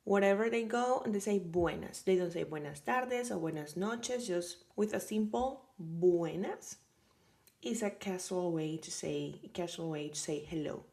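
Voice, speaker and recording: Unhurried Colombian woman with gravelly voice. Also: on the low side, darkish tone. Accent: Colombian Caribbean Spanish. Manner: chatty, many fillers and repeated example phrases. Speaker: Spanish teacher. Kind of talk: casual language lesson.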